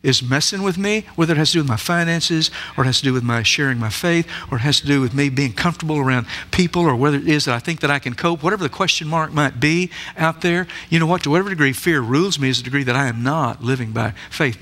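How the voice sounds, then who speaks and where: Male preacher, sermon delivery, emphatic questioner, sharp bright tone. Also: a little high, quick pace, hardly any pauses. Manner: emphatic, asks the listeners many rhetorical questions. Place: church sanctuary.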